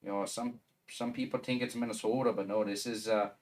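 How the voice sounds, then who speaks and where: A man's voice: lowish voice, steady tone, fairly quick, darkish tone. A man with a Wisconsin accent chatting casually on a live stream, rambling and thinking aloud as he assembles a 3D printer.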